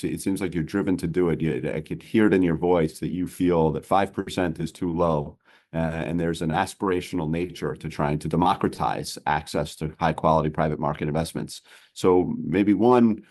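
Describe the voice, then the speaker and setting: A man's voice: low voice, darkish tone. A man hosting a podcast interview, asking curious, conversational questions. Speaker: podcast host.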